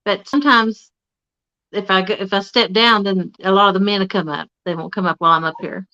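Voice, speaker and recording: A woman's voice: medium pitch, steady tone, brisk, bright, forceful tone, lo-fi sound. A woman chatting frankly on a livestream, laughing a lot. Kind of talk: casual livestream chat.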